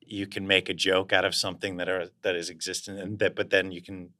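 A man's voice: low-pitched, little pitch movement, brisk, pushed and bright. A man being interviewed as a guest actor, talking in a reflective, casual way and searching for words as he goes.

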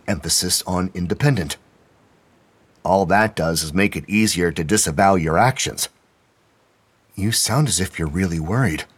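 A man narrating an audio drama and reading all the characters' lines in a steady storytelling manner. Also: low-pitched, slightly rough, no echo.

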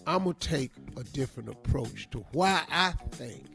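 A man co-hosting a radio advice segment, joking loudly in casual talk and tired after a sleepless night. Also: mid-range voice, expressive, moderate pace, vocal fry, faint music behind. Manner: loud, joking, informal Southern Black English phrasing. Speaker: radio co-host giving advice.

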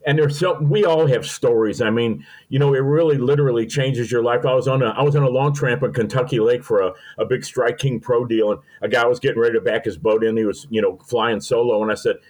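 Older man, folksy, sentimental, storytelling, average pitch. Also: fairly even intonation, quick pace, few pauses, darkish tone, rough recording. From Missouri. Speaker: podcast guest. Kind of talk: storytelling interview.

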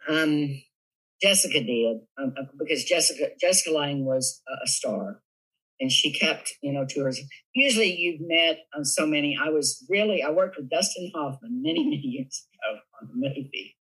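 Bright, husky older Southern man. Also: a little high, moderate pace, rough recording. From Southern United States. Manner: lively storyteller, animated, laughs often. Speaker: guest. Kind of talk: casual storytelling interview.

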